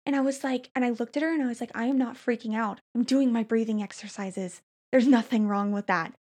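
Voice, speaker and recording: A woman with a fairly high voice tells a long story in a relaxed chat, stopping and restarting often and padding with fillers. Her delivery is lively and personal, as if talking with a friend across the table. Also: breathy edge. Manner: animated storytelling, frequent fillers and restarts, quick laughs. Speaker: storyteller recounting a hospital stay. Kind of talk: casual chat.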